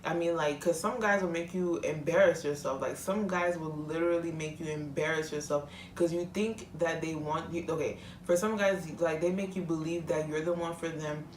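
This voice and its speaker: A woman's voice: deep voice, steady tone, normal speed, few pauses, slight background noise. Heated young woman ranting bluntly. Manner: blunt, heated, swears freely. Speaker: vlogger. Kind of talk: casual rant to camera. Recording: echoey room, mic at a distance.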